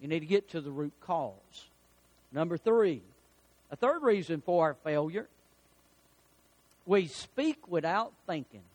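A middle-aged male pastor preaching a sermon, animated and folksy, telling homely anecdotes between Bible readings. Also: on the high side, a little slow, long pauses.

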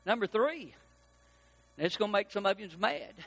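A man preaching a sermon as pastor, with emphatic repetition that builds toward shouting. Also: sits high, lively intonation, moderate pace, vocal fry.

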